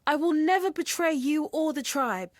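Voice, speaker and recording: A woman's voice: sits high, expressive, normal speed, dry recording, studio quality, voice pushed up. A woman voicing an earnest, heartfelt young Englishman in a storybook reading.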